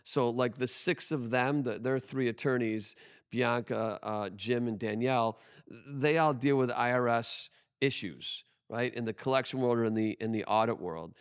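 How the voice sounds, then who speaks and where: A man's voice: mid-range voice, normal speed, clear, resonant tone. A man talking as a podcast guest about his business, emphatic and full of restarts. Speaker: guest, tax firm owner. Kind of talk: conversational podcast interview.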